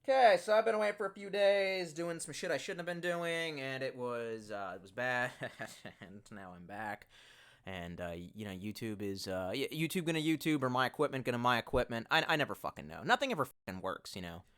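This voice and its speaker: A man's voice: medium pitch, lively intonation, fairly quick, a bit bright, smooth. A young man hosting a casual livestream in a rambling, profane, exasperated way, talking into a headset. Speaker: livestream host. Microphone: bluetooth headset.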